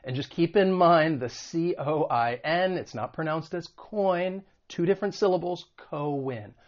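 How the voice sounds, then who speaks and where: A man teaching an English lesson, patiently explaining word meanings and modeling pronunciation slowly and clearly. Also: on the high side. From United States. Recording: dull lo-fi recording.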